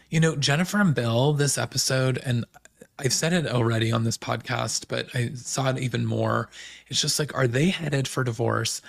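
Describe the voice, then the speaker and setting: Male podcast host, gravelly mid-pitched voice, chatty gossip recap full of fillers. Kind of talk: casual recap chat.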